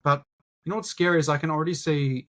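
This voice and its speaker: A man's voice: a little high, fairly even intonation, fast talker, a bit bright. A young man co-hosting a casual podcast, laid-back, swearing often and calling people dude and bro. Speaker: podcast co-host, YouTuber.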